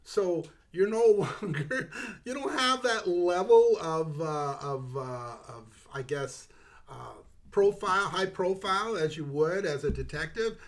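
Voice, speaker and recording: An older man, a retired detective, telling stories in an interview. He is animated, laughs often and stops to restart with many fillers. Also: high voice, measured pace. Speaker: retired homicide detective, guest. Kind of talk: animated anecdotal storytelling.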